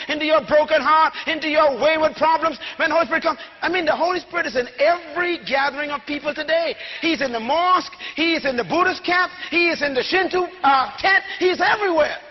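A man preaching a sermon to a congregation, shouting and leading call-and-response. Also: very high-pitched, lo-fi sound. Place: church before a congregation.

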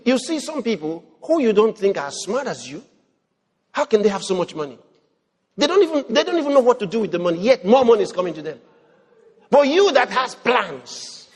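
A high-pitched male preacher delivering an animated sermon. He shifts from loud cries to hushed murmurs and mimics people's prayers. His voice rings out with a long reverb tail. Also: husky. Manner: animated, swings from shouting to low murmurs, acts out prayers.

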